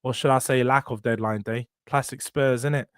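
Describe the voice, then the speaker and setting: A man's voice: mid-range voice, fairly even intonation, fairly quick, clean tone, dry recording, clean studio sound, lightly acted. A man reading a viewer's comment in the put-on voice of a teasing female football fan. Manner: teasing, mock-affectionate. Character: chatty female London Spurs fan, teasing.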